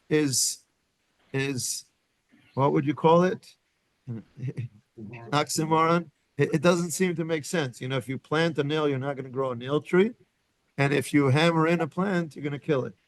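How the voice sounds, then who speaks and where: A man with a slightly high voice lectures on Torah in a synagogue study room at a normal speed. He works through ideas aloud, often starting over and quizzing his students, and the recording is dry.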